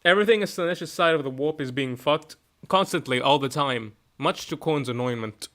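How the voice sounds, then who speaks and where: Young man, streamer, casual chat, excitable, swears a lot, rambling, restarts sentences. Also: a little high, normal speed.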